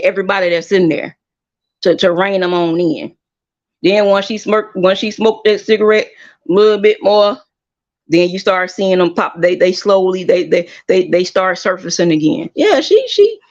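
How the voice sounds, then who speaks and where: Chatty host, casual gossip commentary, emphatic, repeats phrases, mid pitch, muffled lo-fi recording. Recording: slightly muffled lo-fi audio.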